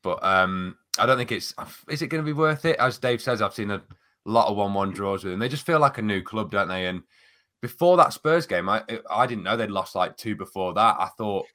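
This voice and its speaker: A man's voice: on the low side, lively intonation, a little fast, sharp tone. A man co-hosting a casual football chat, telling stories and laughing often. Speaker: podcast co-host.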